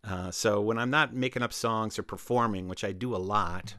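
Relaxed rambling male storyteller. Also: on the low side, moderate pace, dry recording. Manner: relaxed, rambling, with many fillers. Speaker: guest storyteller and musician. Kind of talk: casual radio interview chat. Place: his own home studio.

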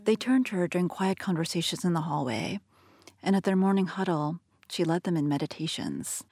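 Lowish husky lady narrating a story, dry close sound, quiet music behind. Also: dry recording. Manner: calm, measured storytelling. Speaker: reporter. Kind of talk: scripted narration.

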